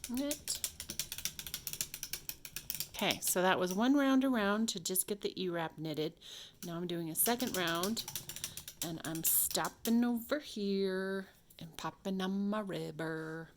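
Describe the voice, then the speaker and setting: A woman's voice: medium pitch, slow, pauses often, slight background noise. Chatty woman demonstrating a craft. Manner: chatty, talks to herself while working, drops to whispers. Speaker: craft video host. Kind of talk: casual hands-on tutorial. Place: home craft room.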